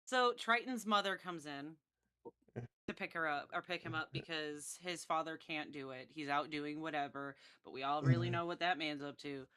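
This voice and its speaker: A woman's voice: deep voice, moderate pace, a bit bright, smooth. A woman narrating as game master in a casual, laughing way.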